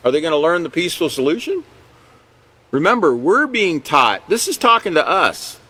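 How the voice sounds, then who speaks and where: A man's voice: a little high, big pitch swings, moderate pace, bright, forceful tone, breathy edge. A man teaching a character education class in a conversational lecture style, often checking in with "you know" and "okay" and chuckling along the way.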